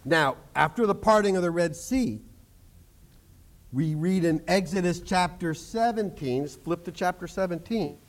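A man. He is animated and playful, cracking jokes and acting out the people in the scripture as he teaches. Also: high voice, unhurried. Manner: animated preaching with jokes and acted-out quotes. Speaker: pastor. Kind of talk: sermon.

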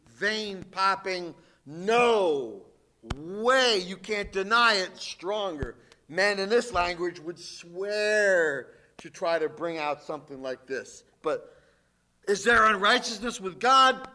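High-voiced male pastor, slow and emphatic delivery, bright tone, sermon in church. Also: animated. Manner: emphatic, dramatic swings in loudness. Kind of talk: sermon with scripture reading.

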